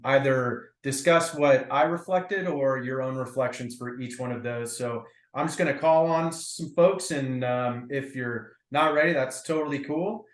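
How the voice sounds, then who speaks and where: Man leading a group, echoey room. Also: medium pitch. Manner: reflective, loose with fillers. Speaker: breakout group facilitator. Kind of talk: casual meeting talk.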